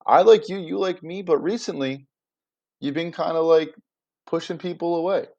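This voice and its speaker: A man's voice: on the high side, moderate pace, creaky, darkish tone, dull audio, voice pushed up. A man voicing Cassius, a hurt Roman nobleman, in slangy modern paraphrase, pleading with a friend.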